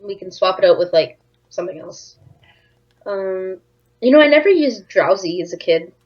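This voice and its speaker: A woman's voice: medium pitch, animated, normal speed. A woman bantering playfully with a friend while playing a video game, on a dull lo-fi mic. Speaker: co-host of a game playthrough. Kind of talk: casual gaming commentary.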